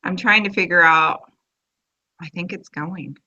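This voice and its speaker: A woman's voice: lowish voice, measured pace, bright, forceful tone. A woman hosting a casual live-stream chat on her phone, chatty and easily amused. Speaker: host of a live video chat. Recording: muffled lo-fi phone audio.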